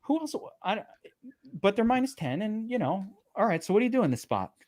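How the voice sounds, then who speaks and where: A man, co-hosting a sports betting podcast and telling a story in a profane, animated way. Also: high voice, fairly quick, no room sound, studio quality. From Brooklyn, New York. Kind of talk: casual chat.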